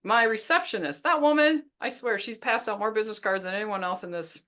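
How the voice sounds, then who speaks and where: A woman business coach teaching a webinar in a lively, chatty way, laughing often. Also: mid-range voice, fairly quick.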